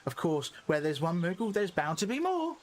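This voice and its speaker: A man doing a squeaky jolly moogle. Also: big pitch swings, normal speed, a little hiss or hum. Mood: chirpy. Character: cheerful little male moogle, eager and jolly. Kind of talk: reading game dialogue aloud.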